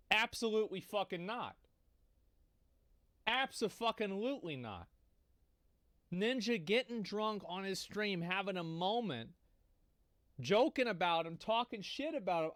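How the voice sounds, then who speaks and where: A man's voice: high voice, a bit bright, no room sound, clean studio sound. A male streamer casually reacting to a clip with profane, amused commentary.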